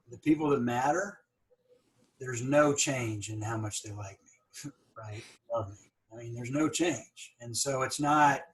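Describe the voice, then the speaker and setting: A man hosts a conversational podcast with a reflective manner. He leans on fillers and now and then pauses in a stuttered block. His voice sits at an ordinary middle pitch. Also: rough recording. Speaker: podcast host. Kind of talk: casual interview conversation.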